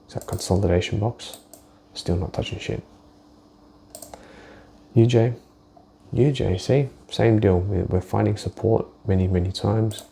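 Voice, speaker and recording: A deep-voiced man with a gravelly, mellow tone talks loosely through his market analysis. He thinks aloud, swears now and then, and restarts his sentences. Faint background noise sits under the voice. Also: fairly even intonation, a little slow, long pauses. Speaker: forex trader. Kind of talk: casual screen-share market walkthrough.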